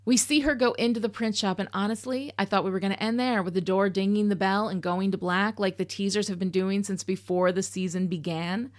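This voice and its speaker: A woman's voice: medium pitch, fairly even intonation, a little fast, hardly any pauses. A woman hosting a podcast, giving candid, sarcastic commentary on a TV episode, swearing casually. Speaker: podcast host.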